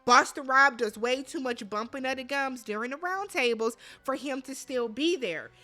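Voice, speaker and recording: A woman with a bright, high voice recaps a reality show in a loose, chatty way. She piles on slang and keeps slipping into quick impressions of the players she describes. Her tone stays sharp and forward throughout. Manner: animated, slangy, quotes people in put-on voices. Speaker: recap vlogger.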